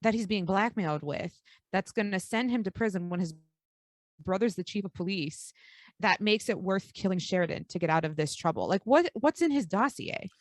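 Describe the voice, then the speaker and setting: A woman co-hosting a podcast, chatting casually and playfully with joking asides and quick questions. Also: medium pitch, animated, dry recording. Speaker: podcast co-host. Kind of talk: casual recap chat.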